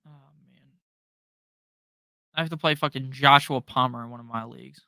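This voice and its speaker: A young man hosting a live fantasy football stream, firing off quick, profane answers to viewer questions from his home setup. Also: mid-range voice, steady tone, sharp tone, no echo. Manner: fast, profane, joking, reads viewer questions aloud. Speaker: fantasy football livestream host. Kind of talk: rapid-fire live Q&A.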